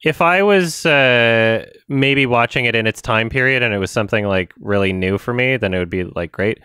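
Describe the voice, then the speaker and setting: A man's voice: medium pitch, moderate pace, sharp tone, smooth, no room sound, clean studio sound. A man co-hosting a podcast in casual chat, crude and joking, with frequent swearing. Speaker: podcast co-host.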